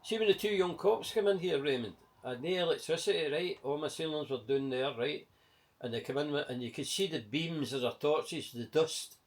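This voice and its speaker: A man's voice: a little high, moderate pace. Older Glaswegian man, rambling and profane. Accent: Glaswegian Scottish. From Scotland. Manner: rambling, profane, chatty with many asides. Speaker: interviewee. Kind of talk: casual storytelling. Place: at home, indoors.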